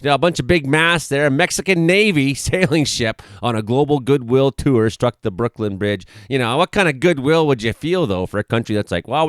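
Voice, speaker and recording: A man's voice: mid-range voice, fairly bright tone, clear, resonant tone, no echo, clean studio sound. A man in his forties, hosting an irreverent comedic news commentary with chuckles and swearing. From Canada. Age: 40s. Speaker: host.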